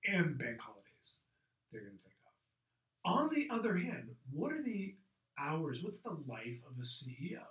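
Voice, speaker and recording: A man coaching a group call on sales tactics. He talks in a direct, punchy, conversational way and adds lively asides. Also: a little high, measured pace, echoey room, distant mic, low-quality recording.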